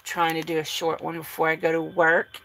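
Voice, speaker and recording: A woman giving a casual tarot reading, relaxed and sleepy, with many fillers and soft laughs. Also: low voice, moderate pace, creaky, heavy background noise. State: sleepy, yawning. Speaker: tarot reader.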